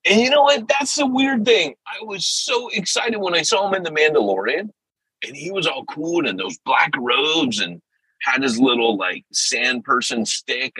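A man hosting a podcast in casual chat, animated and full of quick impressions. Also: mid-range voice, breathy edge, no echo, poor audio. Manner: animated, jumps into impressions and loud exclamations. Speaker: podcast host.

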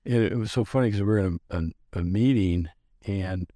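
Low-voiced self-deprecating man in his sixties. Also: normal speed, dark tone, no room sound, clean studio sound. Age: 60s. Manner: self-deprecating, rambling, with frequent restarts. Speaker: podcast guest, business founder. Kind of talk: casual storytelling interview.

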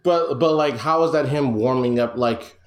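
A man's voice: medium pitch, moderate pace. A man co-hosting a podcast, chatting casually and chiming in with short remarks. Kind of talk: casual chat.

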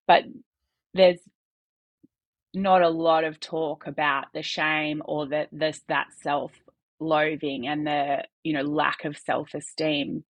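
Aussie woman in her 30s, low voice, dry close sound, earnest and a bit rushed. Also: steady tone, fairly bright tone, no echo. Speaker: guest. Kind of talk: candid podcast conversation.

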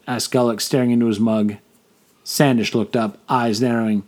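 A man's voice: medium pitch, fairly even intonation, moderate pace, a little mellow. A man reading scripted fantasy story narration, voicing all the characters himself.

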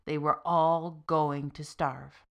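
A woman storyteller giving a steady, expressive reading of a folk tale for a podcast. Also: low-pitched, slow pace, vocal fry. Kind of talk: scripted narration of a folk tale.

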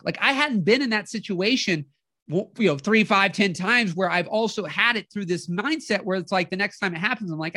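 A podcast host giving a motivational talk in an animated way, often acting out inner voices and checking in with the listener. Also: mid-range voice, brisk, no room sound, studio quality. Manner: animated, acts out inner voices, keeps asking "right?".

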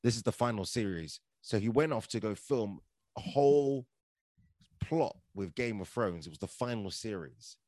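A man's voice: on the low side, moderate pace, dry recording. Chatty man telling stories. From London, England. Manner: chatty, animated, filler-heavy with "like" and "right?". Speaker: podcast guest, actor and comedian. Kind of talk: casual storytelling.

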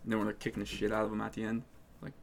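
A man's voice: on the low side, completely flat delivery, very fast, gravelly, crowd noise. Laid-back joking young man. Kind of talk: casual movie chat among friends.

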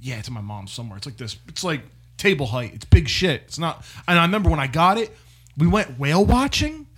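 A man's voice: fairly high pitch, a little fast, husky. A man co-hosting a podcast in casual chat, profane and laughing as he tells stories. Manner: profane, laughing, animated storytelling. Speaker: podcast co-host.

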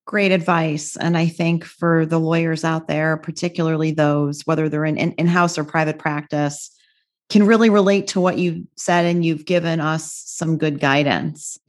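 A woman's voice: deep voice, fairly even intonation, normal speed. A woman hosting an interview, thanking her guest in a friendly way. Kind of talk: interview host.

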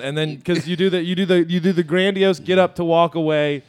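A man's voice: sits high, steady tone, brisk, hardly any pauses, darkish tone, smooth. Rambling joking man, podcast co-host. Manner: rambling storyteller, puts on mock voices. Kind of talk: casual chat.

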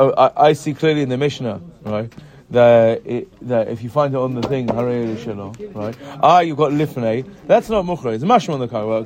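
A man leads a Talmud study class in an even, mid-pitched voice. He explains each point step by step, keeps checking with his students with "right?" and "yeah?", and stumbles and restarts as he reads out the text. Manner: asks the class questions, frequent "right?" checks; halting restarts while reading text. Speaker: Talmud teacher. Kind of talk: Gemara class mixing English and Hebrew terms.

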